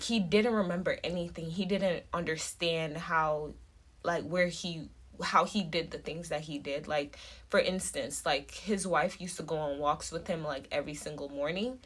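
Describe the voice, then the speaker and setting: A woman's voice: on the low side, moderate pace. A woman vlogger talking casually to her phone camera, rambling with many fillers and restarts.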